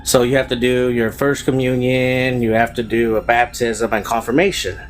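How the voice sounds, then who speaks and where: A man's voice: medium pitch, little pitch movement, moderate pace, faint music behind. A man telling a true ghost story in a casual, rambling way, full of fillers and slang. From Fresno, California. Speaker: storyteller guest.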